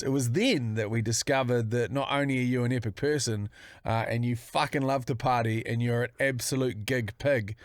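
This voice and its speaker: A man's voice: mid-range voice, no echo. A man co-hosting a podcast, introducing a guest with enthusiasm and casual swearing. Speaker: podcast co-host.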